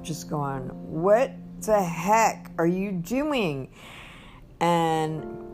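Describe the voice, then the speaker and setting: A woman with a lower voice tells a story at an unhurried pace. Her pitch swings widely as she rambles and restarts. Faint music plays behind her. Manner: rambling, with many restarts and acted-out quotes. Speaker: vlogger. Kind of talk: casual storytelling monologue.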